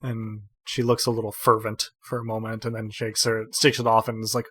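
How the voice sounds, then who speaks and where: A man running a tabletop game as game master, describing scenes in a measured storytelling way. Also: on the low side, level tone, fairly bright tone, slightly rough.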